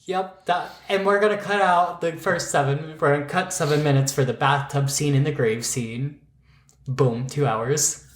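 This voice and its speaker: A man's voice: fairly high pitch, steady tone, moderate pace. A man from Pittsburgh co-hosting a podcast, joking in a casual, sassy way with slang. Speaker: podcast co-host. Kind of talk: casual chat. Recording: echoey room.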